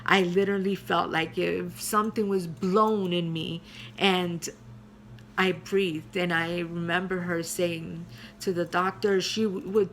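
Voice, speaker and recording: A middle-aged woman pastor telling her personal testimony in an earnest way, with many pauses and fillers. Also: lowish voice, fairly even intonation, slight background noise.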